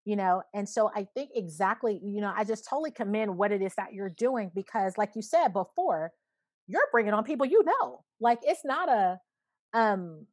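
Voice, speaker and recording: A woman's voice: mid-range voice, animated, normal speed, no room sound. A woman in her thirties, a podcast guest, talking earnestly and reflectively in a casual conversation, often saying "you know". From Alabama, USA. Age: 30s.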